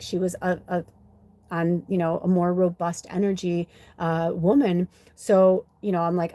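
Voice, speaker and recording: A woman's voice: fairly low pitch, dark tone, dry recording. A woman hosting a casual live-stream chat as a spiritual medium, rambling and affectionate, swearing freely. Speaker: spiritual medium and channel host.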